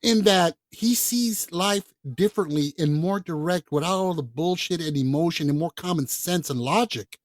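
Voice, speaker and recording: A man co-hosting a podcast, talking casually about films in a blunt, profane, animated way. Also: on the high side, normal speed, few pauses, no room sound. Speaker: podcast co-host. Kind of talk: casual film chat.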